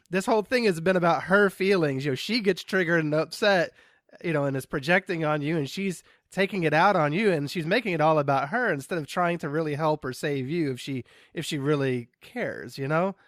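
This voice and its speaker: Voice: medium pitch, dry recording. Podcast host chiming in on a guest's story, blunt but sympathetic, teases a bit, dead dry audio. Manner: sympathetic, blunt side comments with light teasing. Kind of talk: interview conversation.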